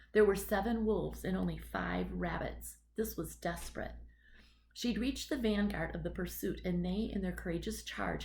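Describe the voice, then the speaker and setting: Woman narrator, audiobook reading, measured, mid pitch, gravelly fry. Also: a little hiss or hum, low-quality recording. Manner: steady, measured storytelling. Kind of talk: scripted narration.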